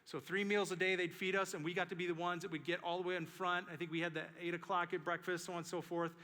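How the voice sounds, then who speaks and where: A male pastor preaching a sermon in a church, telling stories in an animated way and repeating key phrases for emphasis. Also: high voice, fast talker. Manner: animated storytelling with emphatic repetition. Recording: echoey church sanctuary.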